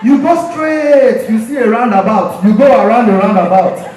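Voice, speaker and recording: A Nigerian-accented man playing an overexcited African man who gives long, rambling directions while shouting and laughing. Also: high voice, a faint crowd, a little hiss or hum, voice pushed up, natural voice. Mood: excited. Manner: shouting, laughing, drawn-out words. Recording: very echoey hall from far off.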